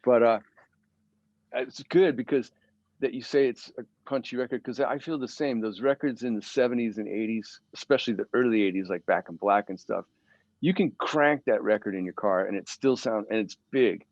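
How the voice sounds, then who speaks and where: A man's voice: mid-range voice, moderate pace, darkish tone, no echo, muffled recording. A middle-aged man, a guitarist guest, chatting casually in an interview and telling stories with many fillers and restarts.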